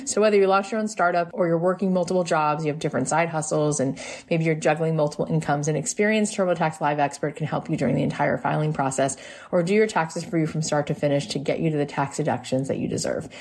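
A woman host reading a sponsor message in a brisk, upbeat way. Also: low-pitched, darkish tone. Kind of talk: read sponsor spot.

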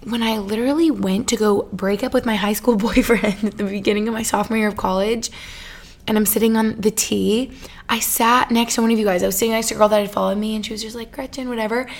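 A woman's voice: mid-range voice, fairly even intonation, quick pace. Twenties woman hosting her own podcast, chatty and gushing, full of "like," prone to tangents. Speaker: podcast host. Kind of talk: casual solo podcast chat.

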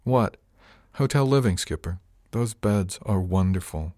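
A man's voice: on the low side, lively intonation, unhurried, darkish tone, no room sound, studio quality. A man voicing a blunt, wary young woman bodyguard in an audiobook, with a clipped and formal manner. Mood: teasing. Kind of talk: audiobook character voice.

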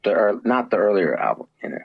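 Man, mid-low voice, measured and hesitant, muffled lo-fi call audio. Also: sing-song, creaky, husky. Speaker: musician guest. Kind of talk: casual chat.

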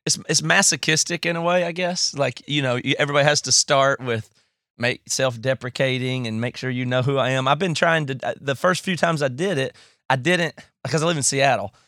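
A man with a Southern US accent hosting a podcast, talking fast and self-deprecating in casual chat. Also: mid-range voice, steady tone, a bit bright, dry recording, studio quality. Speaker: podcast host.

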